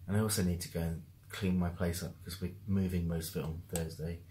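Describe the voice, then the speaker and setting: A man's voice: sits low, fairly even intonation, dark tone, slight background noise. Chatty British man vlogging. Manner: chatty, self-talking, quick to laugh. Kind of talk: casual video diary.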